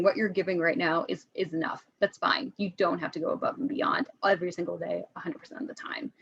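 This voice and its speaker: A woman's voice: fairly low pitch, fairly even intonation, a little fast, breathy edge, muffled recording. A woman teacher as a podcast guest, speaking candidly and chattily, with frequent restarts. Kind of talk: conversational podcast interview.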